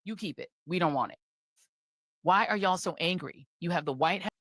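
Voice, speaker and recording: A woman's voice: fairly low pitch, expressive, moderate pace, a bit bright, dry recording, studio quality. A woman on a talk show giving an impassioned monologue, fiery and rhetorical, hammering home repeated phrases and slipping into mocking voices.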